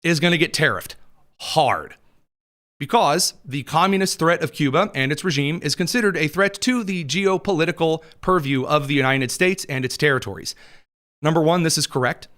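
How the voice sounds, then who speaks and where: A slightly high-voiced man hosting a news show from a studio mic. He runs through the headlines with wry, sarcastic asides and chuckles at his own jokes, his throat a little dry. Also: moderate pace, a bit bright. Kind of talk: sarcastic political news commentary.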